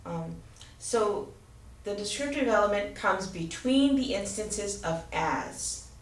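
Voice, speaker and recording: A woman teaching an English grammar lesson, explaining slowly and clearly and spelling out letters. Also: mid-range voice, expressive. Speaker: ESL teacher. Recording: roomy, distant mic with faint ambience.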